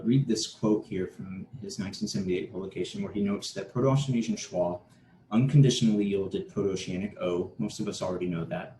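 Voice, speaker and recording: A man's voice: low voice, warm tone. A man giving an academic conference talk, explaining steadily and restarting a word now and then. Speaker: conference presenter. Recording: echoey room with faint noise.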